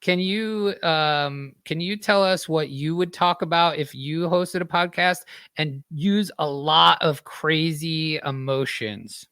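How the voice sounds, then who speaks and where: A man hosting a podcast, chatting casually and leading a demo with relaxed, halting speech. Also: fairly high pitch, smooth, no room sound. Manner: relaxed, trails off with fillers and laughs. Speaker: podcast host. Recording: dry headphone-monitored mic.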